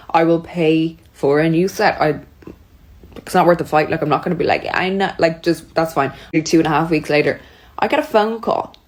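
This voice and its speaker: Woman, young adult, low-pitched, chatty storytime, exasperated. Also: a little mellow. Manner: chatty, exasperated, acts out both sides. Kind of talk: storytime monologue.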